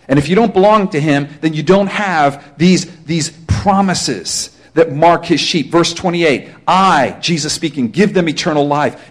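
A pastor preaching a sermon to his congregation, driving points home with emphatic rhetorical questions. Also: a little high.

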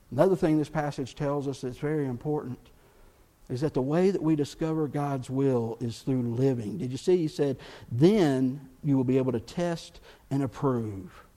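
Man, pastor, sermon, high voice, emphatic, acts out quoted prayers. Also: a little mellow. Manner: preaching with rising emphasis, acting out quoted prayers.

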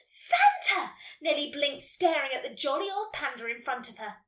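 Animated woman narrator for a kids' story read, high bright voice. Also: fairly quick. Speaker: podcast host reading a listener story. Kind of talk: storybook reading. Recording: roomy echo, distant mic.

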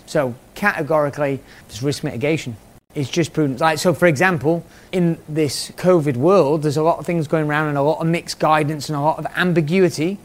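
A man with a fairly high-pitched voice talks casually to a group of business owners. He acts out back-and-forth exchanges and keeps checking in with "right?" as he makes his points. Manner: conversational, acts out quoted exchanges, repeats "right?". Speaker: business mentor speaking to a mastermind group. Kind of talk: informal business talk to a group.

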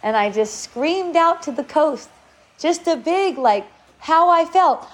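A woman's voice: high-pitched, animated, slow. A middle-aged woman speaks in a slightly raised voice, in a loose, rambling spiritual talk. She circles back, repeats words, and now and then acts out what others said to her.

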